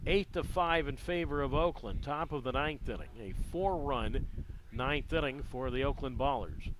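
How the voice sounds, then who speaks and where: A man calling a baseball game play-by-play, his delivery measured and conversational with the odd dry aside. His voice sits at an ordinary middle pitch. A faint hum of background noise runs under him. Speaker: play-by-play announcer.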